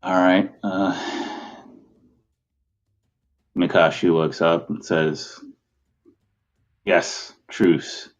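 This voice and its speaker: Deep, slow man on a dull mic. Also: fairly even intonation. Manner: narrates his character in third person. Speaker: player. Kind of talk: casual game chat.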